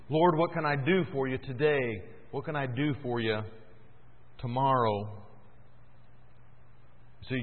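Impassioned preacher man in a tinny hall. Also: medium pitch. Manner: impassioned, swings between loud emphasis and quiet. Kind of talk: sermon. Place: church. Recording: tinny echoey church recording.

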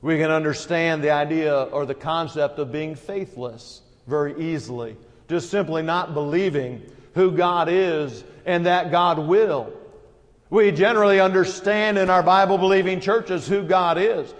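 Male pastor, higher voice, earnest sermon delivery with emphatic peaks, reverberant hall. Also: a little slow.

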